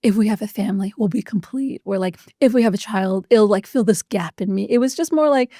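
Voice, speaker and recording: A woman's voice: medium pitch, dark tone, no room sound, clean studio sound. A woman in her thirties, a podcast guest talking casually and chattily, full of "like" and acted-out quotes. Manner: chatty, quick, lots of likes and quoted dialogue. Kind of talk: casual interview chat.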